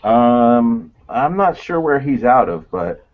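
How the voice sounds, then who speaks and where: A man's voice: medium pitch, big pitch swings, takes it slowly. A man in a casual panel chat, hesitant and profane, full of "uh" and "man". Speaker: panel guest. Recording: muffled lo-fi audio with faint noise.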